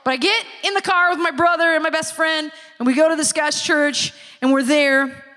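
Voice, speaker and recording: A woman giving a sermon-style personal testimony, a lively storyteller who acts out the people she quotes. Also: high-pitched, normal speed. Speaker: speaker giving a church testimony. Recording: long reverb of a large hall.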